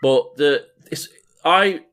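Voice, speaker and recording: A man's voice: on the high side, takes it slowly, fairly bright tone. Rambling man chatting casually. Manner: rambling storyteller, lots of fillers and swearing. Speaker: podcast co-host. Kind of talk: casual chat.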